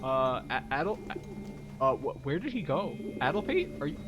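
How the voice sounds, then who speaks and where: A man's voice: a little high, very animated, normal speed, music in the background. A man commenting on a game he is playing, making sarcastic, incredulous remarks and laughing asides. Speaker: gameplay commentator. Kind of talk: let's-play commentary.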